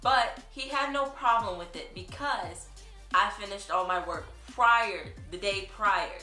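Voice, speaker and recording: A teenage girl on a vlog, bossy and quick, laughing as she tells a story. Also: mid-range voice, bright, forceful tone. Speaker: vlogger. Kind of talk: casual chat. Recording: roomy sound from a distance with faint music.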